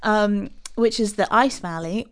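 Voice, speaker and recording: A woman's voice: mid-range voice, a little slow, smooth. A young English woman co-hosting a podcast, chatting casually and laughing often as she reads case notes from paper. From England. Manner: giggly, chatty, self-deprecating. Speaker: podcast co-host.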